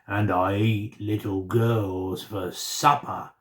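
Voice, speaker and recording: A huge hairy monster from a children's storybook, growling in a low, deep voice and drawing out every boast. A man acts him out, keeping the pace slow and heavy. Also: steady tone, a bit bright. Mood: menacing.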